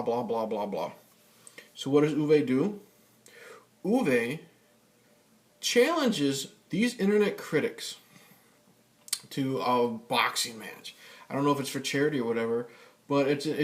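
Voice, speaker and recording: A man vlogging a casual rant, swearing often and rambling with many fillers and restarts. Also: medium pitch. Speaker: YouTube vlogger. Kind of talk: casual ranting vlog.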